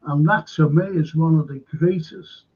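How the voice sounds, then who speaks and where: A man's voice: a little high, normal speed, breathy edge. A man with a Liverpool accent, a local historian telling rambling stories in a casual chat, full of fillers and restarts. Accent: Liverpool (Scouse). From Liverpool, England. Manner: rambling anecdotal storyteller with frequent fillers. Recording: dull lo-fi sound.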